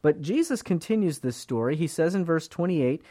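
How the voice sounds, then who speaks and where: A male Bible teacher talks through scripture in an earnest, conversational way, stumbling over and repeating words as he goes. His voice sits a little high for a man. The recording is close and dry, with no room sound. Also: expressive, moderate pace, mellow, no echo. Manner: earnest, repeats words, acts out quoted speakers.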